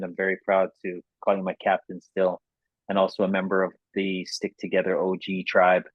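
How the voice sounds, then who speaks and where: A man with a Canadian accent hosting a podcast, speaking in a halting, heartfelt way that often repeats words. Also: low-pitched, no room sound. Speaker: podcast host. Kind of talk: casual interview chat. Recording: tinny dry remote call line.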